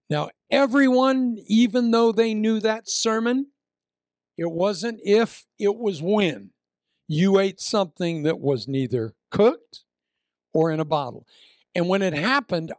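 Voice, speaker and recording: A man preaching a sermon, telling a funny travel story with animated shouted lines before turning to quiet prayer. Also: a little high, gravelly, no echo.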